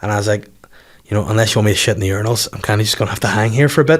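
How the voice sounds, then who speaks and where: A man hosting a comedy podcast, telling stories quickly and swearing often. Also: lowish voice. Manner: rapid storytelling, loud swearing. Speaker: podcast host. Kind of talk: casual comedy chat.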